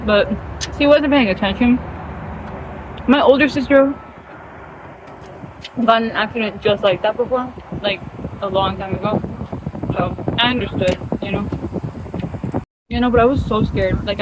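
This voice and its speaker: A woman's voice: mid-range voice, normal speed, long pauses, background noise. A young woman telling a casual story in a chatty, rambling way, full of fillers.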